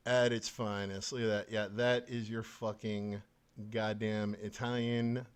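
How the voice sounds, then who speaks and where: A man's voice: medium pitch, steady tone, slow, pauses often, clear, resonant tone. A man hosting a podcast, ranting angrily about politics with constant swearing and scorn. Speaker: podcast host. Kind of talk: profane political rant.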